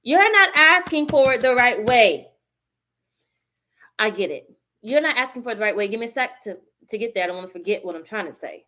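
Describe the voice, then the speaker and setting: A woman's voice: a little high, big pitch swings, brisk, sharp tone. A woman leads a live tarot reading. She talks bluntly and curses often. She drives each point home by saying it again and again. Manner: blunt, profane, repeats herself emphatically. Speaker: tarot reader.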